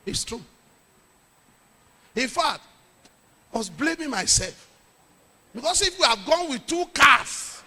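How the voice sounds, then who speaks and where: A middle-aged Nigerian man, a pastor, telling a lively story in a sermon with jokes and pidgin. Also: very high-pitched, moderate pace, long pauses, big-room sound.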